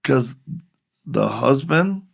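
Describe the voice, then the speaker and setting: A man's voice: mid-range voice, animated, drawn-out words, vocal fry, slightly rough. A middle-aged man, a ministry leader and podcast guest, telling a story animatedly, acting out both sides of the dialogue.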